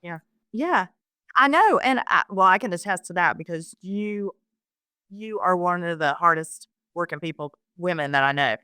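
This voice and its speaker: A woman's voice: on the low side, lively intonation, moderate pace, pushed and bright, smooth, dry recording, studio quality. A woman hosting a podcast interview, encouraging her guest and restarting her questions as she goes. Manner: encouraging, repeats words as she starts questions. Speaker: podcast host. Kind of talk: conversational interview.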